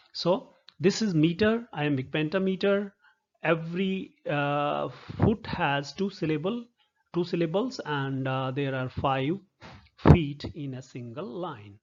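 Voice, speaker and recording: A man giving a literature lecture, explaining patiently with many hesitant fillers. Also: fairly high pitch. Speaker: literature professor. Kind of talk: recorded lecture. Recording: dull lo-fi recording.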